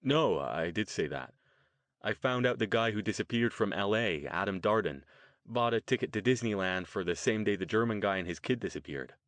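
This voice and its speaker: A man's voice: on the low side, animated, normal speed, fairly bright tone, no room sound. A man voicing a young American man who is casual, informal and a little uneasy.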